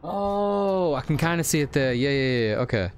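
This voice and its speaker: A man's voice: on the high side, animated, normal speed, a little hiss or hum. A man streaming a stealth game from his home setup, joking and swearing as he talks to his chat. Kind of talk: casual live-stream commentary. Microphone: desk condenser microphone.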